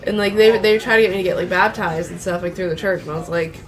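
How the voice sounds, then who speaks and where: A woman co-hosting a podcast in casual chat, chuckling and reacting quickly. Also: fairly low pitch. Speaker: podcast co-host.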